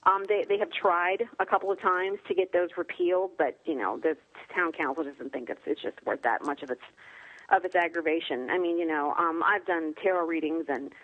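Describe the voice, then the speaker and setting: A woman's voice: on the low side, brisk, narrow, tinny audio. Chatty woman author telling stories. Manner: chatty storyteller acting out quotes in playful voices. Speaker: guest author. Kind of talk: casual interview chat.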